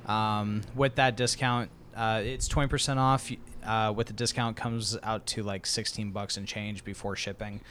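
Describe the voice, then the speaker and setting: A man's voice: lowish voice, flat delivery, normal speed, few pauses, fairly bright tone, a little hiss or hum. A man co-hosting a casual podcast, reading off sponsor plugs in a laid-back way with lots of ums. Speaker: podcast co-host.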